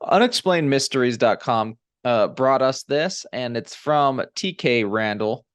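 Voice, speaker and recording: A man's voice: mid-range voice, animated, unhurried, clear, resonant tone, no room sound. A man co-hosting a comedy podcast, reading a news item aloud with joking asides. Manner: laughs often, reads aloud with asides. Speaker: podcast co-host. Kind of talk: casual comedy chat, reading news story.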